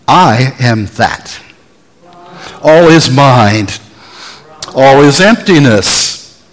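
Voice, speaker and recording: Slow, deliberate preaching man. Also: mid-range voice, long reverb tail, low-quality recording. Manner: deliberate, storytelling preacher who has the audience answer back. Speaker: pastor. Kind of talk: sermon.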